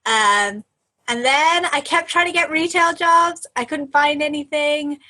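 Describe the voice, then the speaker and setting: A young woman co-hosting a podcast in casual chat, laughing often and trailing off softly at the ends of lines. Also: sits high, a little slow, rough recording. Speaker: podcast co-host.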